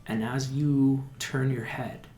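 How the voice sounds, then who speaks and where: A man's voice: mid-range voice, fairly even intonation, takes it slowly, darkish tone, a little hiss or hum. A man narrating a tabletop game as dungeon master, descriptive, with fillers. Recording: echoey room with background music.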